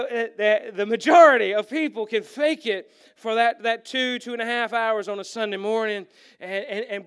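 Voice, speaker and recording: A middle-aged male pastor preaching with a high voice, smooth and clear in tone. He talks in an animated way, acting out little quoted exchanges and joking at his own expense. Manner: animated, acts out quotes, self-deprecating humor. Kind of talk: sermon.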